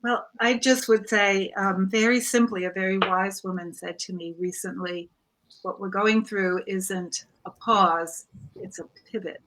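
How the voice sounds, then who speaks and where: A woman, an author and panel guest, sharing reflective advice in a calm, measured way. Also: mid-range voice, low-quality recording.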